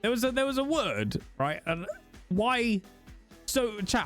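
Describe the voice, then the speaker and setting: A man's voice: sits high, sing-song, normal speed, a bit bright. A man, chatting casually and swearing freely as he talks to his stream viewers. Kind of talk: casual livestream chat. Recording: faint music behind.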